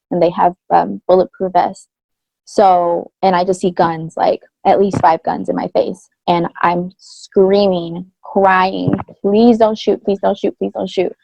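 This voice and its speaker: A woman with a gravelly edge to her mid-range voice recounts a personal story in a podcast chat, speaking candidly and earnestly with blunt slang. The recording is dry and slightly dull, with a lo-fi feel. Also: lowish voice, darkish tone, dry recording. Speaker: podcast co-host.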